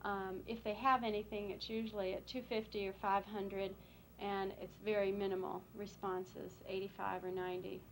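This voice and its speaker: A woman clinician giving a measured documentary explanation, stressing words to make her examples clear. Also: mid-range voice, level tone, a little hiss or hum, poor audio. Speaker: clinician explaining cochlear implants.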